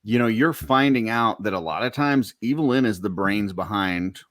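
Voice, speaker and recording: Male co-host, lowish voice, dry close sound, easygoing and blunt, lots of fillers. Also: moderate pace, no echo. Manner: relaxed, blunt, many fillers like "you know". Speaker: podcast co-host. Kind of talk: casual fan podcast chat.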